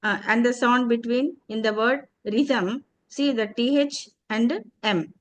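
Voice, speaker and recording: In a pronunciation drill lesson, a woman with an Indian English accent teaches English, saying each word slowly and repeating it so a student can echo it. Her voice is a little high, and there's slight background noise.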